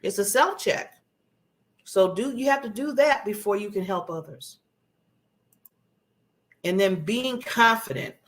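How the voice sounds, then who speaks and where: A woman talk show host delivers a motivational pep talk, speaking to her audience as if chatting with them. She is animated and slips into little acted voices to make her point. Her voice sits at an ordinary middle pitch, and she laughs easily at herself. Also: measured pace, pauses often. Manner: animated, acts out contrasting voices.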